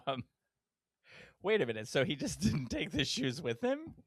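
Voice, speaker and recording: A man's voice: fairly high pitch, huge pitch swings, unhurried, fairly bright tone, slightly rough, dry recording, studio quality. A man co-hosting a podcast, chatting casually and explaining things with lots of fillers and restarts. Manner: chatty, hesitant with many fillers when explaining. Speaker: podcast co-host. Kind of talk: casual chat.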